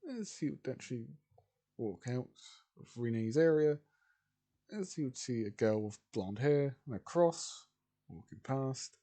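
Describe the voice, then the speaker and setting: A man narrates an improvised fan story slowly, in a rambling, repetitive way. His voice is dark and gravelly, with steady, even pitch.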